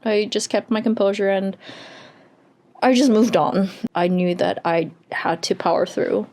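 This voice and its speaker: A woman's voice: medium pitch, measured pace, a little mellow. A woman who works as an energy healer, telling her personal story in an earnest, reflective way. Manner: earnest, reflective, with laughs and sighs.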